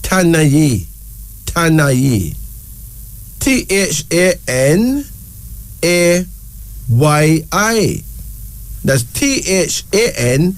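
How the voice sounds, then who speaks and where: Guy hosting a talk show, spells names out letter by letter, slow and drawn out, voice bounces all over. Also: a little high, very animated. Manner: spells each name out letter by letter, slow and deliberate; drawn-out emphasis, repeats words for effect. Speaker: show host. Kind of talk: casual talk presenting names.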